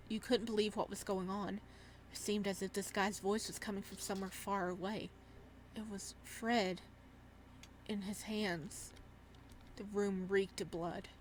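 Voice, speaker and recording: A woman's voice: medium pitch, little pitch movement, a little slow, long pauses, a little hiss or hum. A woman reading a horror visual novel aloud for her gaming channel, with dramatic narration and startled, swearing reactions. Her voice sits in a middle register.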